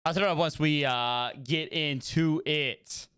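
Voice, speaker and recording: A man's voice: on the high side, a little slow, fairly bright tone, clear, resonant tone, dry recording, studio quality. A young man chatting casually with his viewers while streaming a video game, rambling and greeting them by name. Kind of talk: casual livestream chat while gaming.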